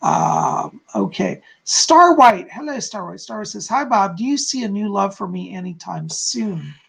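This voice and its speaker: A man hosting a live stream, reading viewers' comments aloud and answering them with gentle, reassuring psychic readings. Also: high-pitched, expressive, measured pace, creaky, poor audio. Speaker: psychic host.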